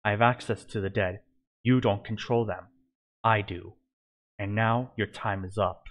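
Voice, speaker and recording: Quiet hero who commands the dead, read by a man. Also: fairly low pitch, steady tone, a little slow. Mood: steady.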